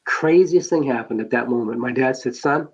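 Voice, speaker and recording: A man's voice: medium pitch, brisk, husky. Rambling man telling his life story. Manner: rambling storyteller, many fillers and restarts. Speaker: podcast guest. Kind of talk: personal life story told in conversation. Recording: dull lo-fi sound.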